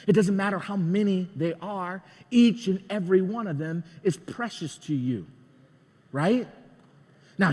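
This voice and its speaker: A man's voice: sits high, warm tone, slightly rough, in a large hall. A man preaching a sermon as a pastor, telling a story in a chatty, conversational way and asking the congregation questions. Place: church sanctuary.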